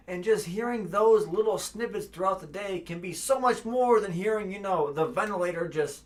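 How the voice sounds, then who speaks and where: A man co-hosting a livestream, reading donations and telling stories in an animated, heartfelt way. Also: sits high, moderate pace, hardly any pauses, slight background noise. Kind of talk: casual livestream chat.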